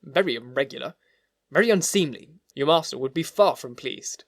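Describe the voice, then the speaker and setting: A man's voice: mid-range voice, expressive, moderate pace, creaky, no room sound, clean studio sound. A man voicing a stern, peevish middle-aged male lawyer who scolds in a clipped manner.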